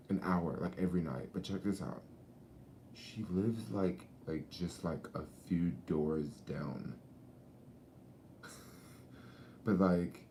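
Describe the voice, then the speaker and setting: A man with a deep, warm voice rambles casually in his vlog from a beach, laid-back and full of slang, swearing and laughing often. Slight background noise sits behind him.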